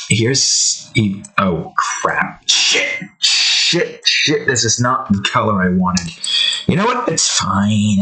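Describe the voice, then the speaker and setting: A man's voice: lowish voice, bright, forceful tone, low-quality recording. A young man chatting casually while he draws, rambling and joking, swearing offhandedly and talking to his cat. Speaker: digital artist drawing on his channel.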